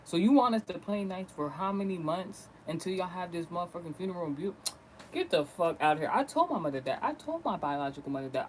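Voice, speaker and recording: A man with a notably high voice, telling a gossipy story in a fast, animated rant. He swears freely and keeps a loose, conversational tone, with faint ambient hum behind him. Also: rough recording. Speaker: vlogger.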